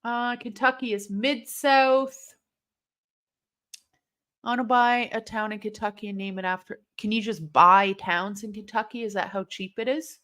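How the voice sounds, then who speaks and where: A young woman hosting a live watch-along stream, reacting aloud to a match with excitable, swearing commentary. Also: medium pitch, a little slow. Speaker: livestream host.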